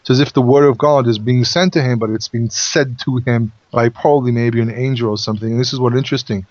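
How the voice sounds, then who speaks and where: A man's voice: mid-range voice, steady tone, fast, darkish tone, no echo. Explaining man, dry dull recording. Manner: explanatory, thinks aloud with restarts. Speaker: host and Bible teacher. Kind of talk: Bible study discussion.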